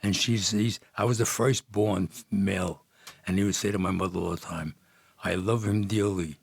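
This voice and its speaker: A man's voice: sits low, moderate pace, vocal fry, husky. An older man from Jersey City, a podcast guest, telling rambling old neighborhood stories with many restarts and laughs. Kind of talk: storytelling in casual chat.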